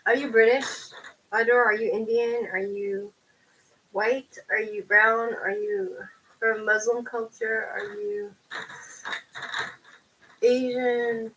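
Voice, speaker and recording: A woman's voice: a little high, sharp tone, slight background noise, poor audio. A woman chatting casually with her live viewers in a rambling way, tossing them lots of questions. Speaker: tarot reader chatting with livestream viewers.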